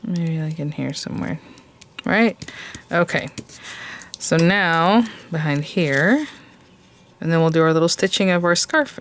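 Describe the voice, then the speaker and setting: Hosting a crafting channel, a woman with a lowish voice leads a casual tutorial, chatting and thinking aloud as she works and gushing over cute details. There is slight background noise.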